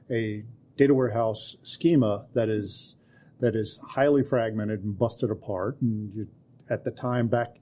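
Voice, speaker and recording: A man in his forties co-hosting a podcast, with deadpan humor, giving long explanations in casual chat. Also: medium pitch. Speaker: co-host and technology partner.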